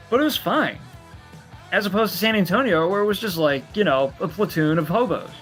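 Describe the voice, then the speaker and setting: A man's voice: high voice, animated, fairly quick, fairly bright tone, soft background music. A man co-hosting a comedy podcast, telling a rambling travel story with lots of swearing and laughter. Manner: rambling, profane, laughs a lot. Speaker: podcast co-host. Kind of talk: casual chat.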